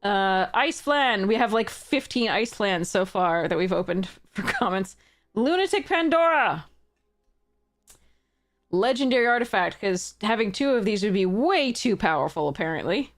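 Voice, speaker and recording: A young woman commentating her own card game matches, swearing and laughing in frustration, swinging from exasperated outbursts to flat mutters. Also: medium pitch, normal speed. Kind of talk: casual gameplay commentary.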